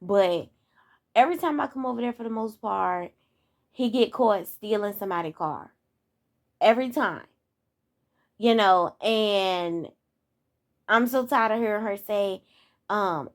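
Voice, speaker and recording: In clean studio sound with no room ambience, a woman in her twenties talks straight to her channel's audience, venting in a relaxed monologue. Her medium-pitched delivery is unhurried, broken by long pauses, as she repeats herself in exasperation and poses rhetorical questions.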